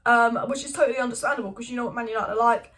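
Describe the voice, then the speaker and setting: A young woman hosts a casual football news vlog in a rapid stream of talk. Her voice sits a little above the usual pitch. She is opinionated and animated, often breaking into rhetorical questions. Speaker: football channel host.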